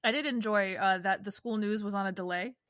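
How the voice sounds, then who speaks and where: Animated New York-area woman podcaster. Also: medium pitch, no room sound, studio quality. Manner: animated, quick to laugh, many restarts. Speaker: podcast co-host. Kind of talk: casual chat.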